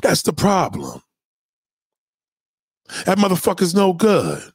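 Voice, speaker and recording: A man's voice: sits high, wildly swooping pitch, takes it slowly, creaky, breathy edge, no room sound, clean studio sound. A man hosting a casual livestream, reading viewer comments and ranting bluntly with lots of profanity. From New York. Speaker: livestream host.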